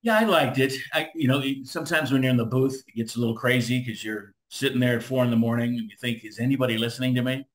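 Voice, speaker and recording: A man's voice: mid-range voice, quick pace, few pauses. A middle-aged man from Southern California, a former radio DJ, telling stories as an interview guest and acting out the voices of the people in them. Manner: animated, acts out voices in his stories. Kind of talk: casual storytelling.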